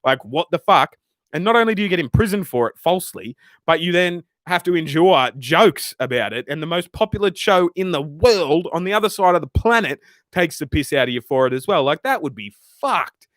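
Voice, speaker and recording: A man's voice: a little high, fairly quick, dry recording, clean studio sound. A young Australian man chatting casually on a livestream, swearing often and rambling between chat comments. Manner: profane, rambling, animated. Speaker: livestream host reading chat.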